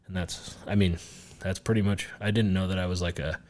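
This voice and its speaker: A man with a very low, deep voice, chatting as a guest on a podcast. He rambles and loses his place, fills gaps with "like" and "you know", and swears casually. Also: steady tone, a little fast, darkish tone. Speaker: guest, business owner. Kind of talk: casual interview chat.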